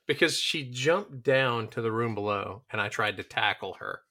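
A man's voice: medium pitch, lively intonation, moderate pace, sharp tone. A man playing a tabletop game, recounting what his character did with bits of laughter. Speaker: player. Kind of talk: casual tabletop game play.

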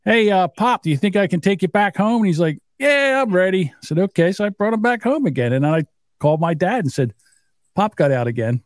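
A man in his fifties with a fairly high voice tells rough, profane family stories and plays every voice in them. The sound is dry and close, with no room around it. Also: animated, fast talker, dry recording. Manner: storytelling, profane, acts out quotes. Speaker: podcast co-host. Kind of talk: casual chat.

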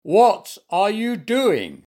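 Guy doing a loud thundering grumpy gardener, pitched up and loud, slow and heavy. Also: huge pitch swings, heavily acted. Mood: angry. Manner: roaring, thundering. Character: cranky shouting male gardener.

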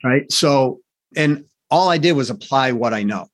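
A male sales coach being interviewed, with a voice of ordinary middle pitch. He tells stories in a rambling, energetic way. He restarts his sentences often and keeps checking in with "right?". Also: measured pace. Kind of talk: conversational interview storytelling.

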